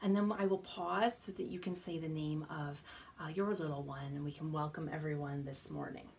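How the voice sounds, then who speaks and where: A woman children's librarian leading a baby storytime from a small home studio, gentle and animated, often dropping to soft whispers. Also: deep voice, normal speed, vocal fry, slight background noise. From United States. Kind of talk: baby storytime with rhymes and songs.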